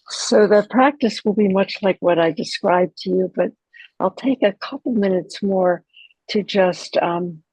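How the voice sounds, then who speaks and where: An older woman teaching a caregiving course in a gentle, chatty way, full of asides. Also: medium pitch, normal speed, breathy edge, no room sound, lo-fi sound. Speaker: course instructor. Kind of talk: relaxed spoken teaching.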